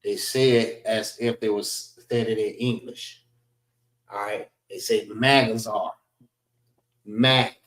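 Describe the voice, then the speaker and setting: Slow-spoken man teaching, echoey room. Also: on the low side, fairly even intonation. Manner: slow, repetitive, spells out sounds one by one. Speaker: class teacher. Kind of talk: classroom language lesson. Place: library meeting room.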